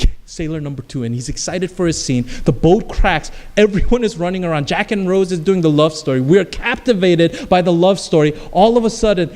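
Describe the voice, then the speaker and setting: A man with a high voice preaches a sermon, telling a story with lively, acted-out lines. His voice rings with a long reverb from a large hall. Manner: storytelling, acting out scenes with voices and screams. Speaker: pastor.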